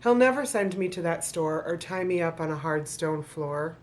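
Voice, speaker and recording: A woman with a lowish voice reads a rhyming children's book aloud to camera. She stops often for dry, joking asides, then picks the story back up. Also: expressive, moderate pace. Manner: sarcastic, playful commentary between read lines. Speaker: vlogger reading a children's book.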